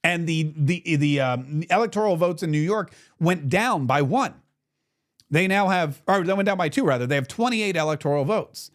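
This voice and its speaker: A man hosting a political talk show, telling a rambling story in a casual, animated way. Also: fairly high pitch, normal speed. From Florida.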